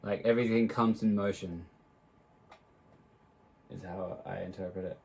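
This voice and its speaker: A man's voice: low voice, fairly even intonation, normal speed, gravelly, background noise. A man co-hosting a casual podcast chat, easygoing and hesitant, explaining things with many fillers. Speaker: podcast co-host.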